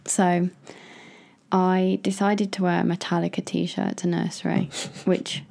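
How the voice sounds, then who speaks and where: A woman's voice: fairly low pitch, level tone, a little slow, creaky, a little mellow. A young woman co-hosting a podcast, telling stories in a casual chat and laughing often. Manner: chatty storyteller, laughs often. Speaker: podcast co-host.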